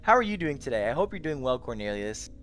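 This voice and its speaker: A man's voice: medium pitch, very animated, fast talker, a bit bright, soft background music. A tired young man chatting casually on a late-night livestream, yawning and rambling as he greets his chat by name. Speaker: VR streamer.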